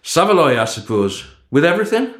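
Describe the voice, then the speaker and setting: A man's voice: on the high side, big pitch swings, brisk, fairly bright tone, echoey room, pitched above the performer's own voice. A man doing a breezy, jokey butcher. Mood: chummy. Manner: breezy, chummy shop banter. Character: cheerful middle-aged male butcher, jokey.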